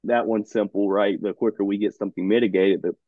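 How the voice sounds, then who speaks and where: A man's voice: lowish voice, fairly even intonation, fast talker, dry recording. A man hosting a casual podcast conversation, enthusiastic and saying "man" often. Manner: enthusiastic, says "man" a lot. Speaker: podcast host. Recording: dry, tinny phone-like line.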